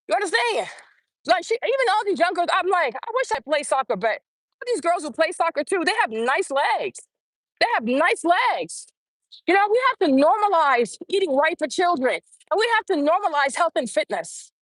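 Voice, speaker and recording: A woman in her forties with a high voice talks straight to her phone on a casual live stream. She is blunt and animated, and she hammers her points home by saying them twice. The sound is close and dry, with no room around it. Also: no echo. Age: 40s. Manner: blunt, animated, repeats phrases for emphasis.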